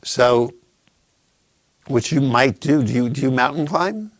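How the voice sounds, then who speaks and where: Male host, casual chat; very slow, drawn-out storyteller, dry close sound. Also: mid-range voice, animated, no room sound.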